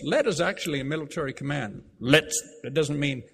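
A man preaching a sermon, emphatic, repeating key phrases and slowing down to read scripture aloud. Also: on the high side, vocal fry, a bit bright, husky. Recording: long reverb of a large hall.

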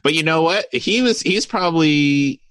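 A man co-hosting a casual podcast chat, animated and jokey, often affirming his partner. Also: a little high, normal speed, smooth, dry recording, clean studio sound. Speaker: podcast co-host.

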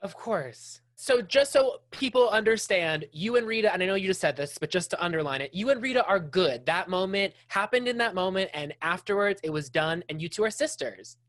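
An enthusiastic, lively woman host. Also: medium pitch, fairly quick, few pauses, dry recording, clean studio sound. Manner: enthusiastic, gushing fan. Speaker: podcast host. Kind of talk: conversational interview.

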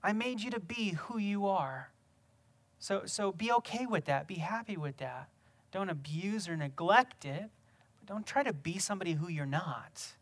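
A man preaching a sermon, building from quiet reflection to loud, emphatic exhortation with rhetorical questions. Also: high voice, expressive, moderate pace. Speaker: pastor.

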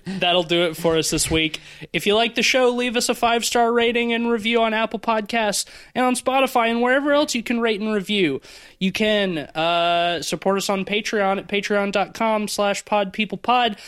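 A man's voice: high-pitched, moderate pace, fairly bright tone, clean tone. A man co-hosting a movie podcast, chatting casually, laughing often and reading the closing plugs. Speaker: podcast co-host.

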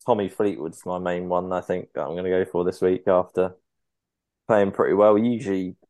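Low-voiced, relaxed man. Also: moderate pace, no echo. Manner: relaxed, chatty, hesitant fillers. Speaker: podcast co-host. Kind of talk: casual chat.

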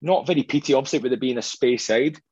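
A man's voice: medium pitch, quick pace, a little mellow, husky, no room sound, dull audio. A Scottish man hosting a whisky tasting, chatting casually in a jokey, self-deprecating way. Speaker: host of a whisky tasting show.

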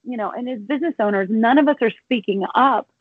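A middle-aged woman, a restaurant and bar owner, speaking haltingly and close to tears, restarting her sentences often. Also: fairly high pitch, breathy edge, no echo. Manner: tearful, halting, many restarts. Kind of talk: emotional interview over the phone. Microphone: phone. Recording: tinny dry phone line.

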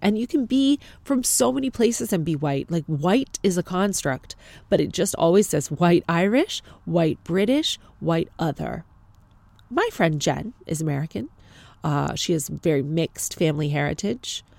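Canadian-accented woman, casual sarcastic storyteller, gravelly fry, dry close sound. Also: fairly low pitch, expressive, measured pace, a little mellow, dry recording. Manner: exasperated, sarcastic, swears freely.

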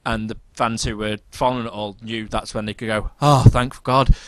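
A man talks quickly and keenly on a casual podcast, tripping over and repeating words as he gushes. His voice sits at a middle pitch. The sound is close and dry. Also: little pitch movement, fairly bright tone, dry recording. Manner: enthusiastic, gushing, repeats words. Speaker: podcast co-host. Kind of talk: casual chat.

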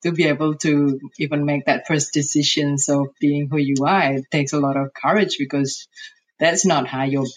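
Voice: medium pitch, fairly even intonation, moderate pace, rough recording. An earnest, reflective speaker in a casual podcast conversation, often restarting sentences.

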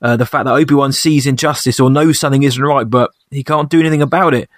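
A man's voice: mid-range voice, fairly even intonation, fast talker, no echo, clean studio sound. A young man chatting casually as a podcast co-host, thoughtful and hesitant, often restarting his sentences. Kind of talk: casual chat reviewing a TV episode.

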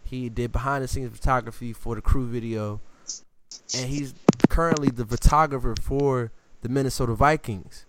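A man co-hosting a casual sports podcast, telling animated stories and acting out quotes in slang. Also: mid-range voice, moderate pace, slight background noise. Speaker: podcast co-host.

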